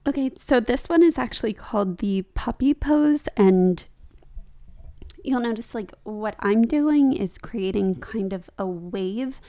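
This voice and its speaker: A woman's voice: on the high side, lively intonation, a little slow, dark tone. A young woman talking casually over her own yoga practice as a vlogger, chatty and laughing at herself.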